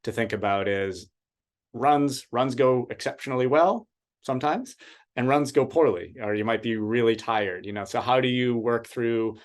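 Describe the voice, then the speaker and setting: A male running coach hosts the interview and asks long, winding questions. He restarts often and hunts for words, in a voice of middling pitch. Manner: rambling, halting questions with many restarts.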